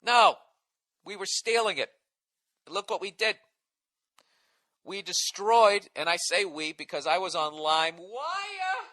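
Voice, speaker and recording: A man's voice: sits high, sing-song, measured pace, long pauses, bright, forceful tone, dry recording. A man hosting a podcast, delivering an indignant, sarcastic monologue full of swearing. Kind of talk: profane ranting monologue.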